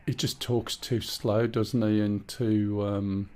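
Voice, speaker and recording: A man's voice: fairly low pitch, flat delivery, slow, darkish tone. A man streaming a flight sim, chatting with opinions and explaining his helicopter controls step by step. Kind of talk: live gameplay commentary.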